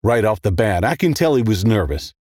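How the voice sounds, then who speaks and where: A man narrating a first-person horror story in a steady, measured way. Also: fairly low pitch, no room sound, studio quality.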